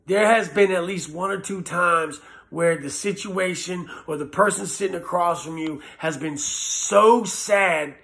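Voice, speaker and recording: Man, former inmate, raw earnest testimony, gravelly, slightly high voice, blunt and halting. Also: bright, forceful tone. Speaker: former prisoner sharing recovery story. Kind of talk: personal testimony.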